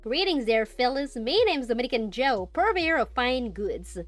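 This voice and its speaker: A woman's voice: a little high, big pitch swings, moderate pace, faint music behind. A woman voicing a male spider-like merchant creature with an Australian accent and folksy sales patter. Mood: chummy.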